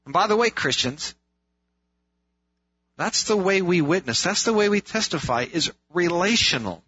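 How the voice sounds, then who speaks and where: A man's voice: sits high, expressive, normal speed, bright, forceful tone, husky. A man preaching a sermon in an earnest way, asking rhetorical questions and repeating phrases for emphasis. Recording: dull lo-fi sound.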